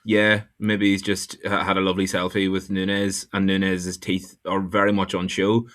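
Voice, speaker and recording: A man's voice: low voice, monotone, moderate pace, fairly bright tone. An Irish man chatting casually on a podcast, joking and laughing often. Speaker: podcast panelist. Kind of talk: casual chat.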